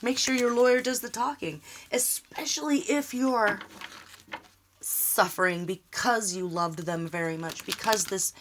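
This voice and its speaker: A woman's voice: medium pitch, unhurried, fairly bright tone, slight background noise. A woman giving a tarot reading, talking earnestly and reassuringly, repeating short words of encouragement. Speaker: tarot reader.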